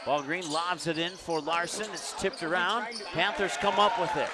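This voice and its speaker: A man doing live play-by-play of a high school basketball game, calling each play quickly and getting excited on big shots. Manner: rapid excited play calls, self-correcting. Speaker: play-by-play announcer. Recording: crowd noise in a gym. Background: loud crowd and bouncing balls.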